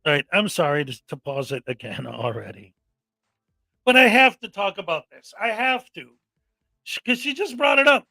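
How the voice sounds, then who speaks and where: A man's voice: high-pitched, big pitch swings, normal speed, creaky, sharp tone, no room sound. A man hosting a reaction commentary show, talking in an exasperated, mocking rant and often mimicking people angrily. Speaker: commentary host.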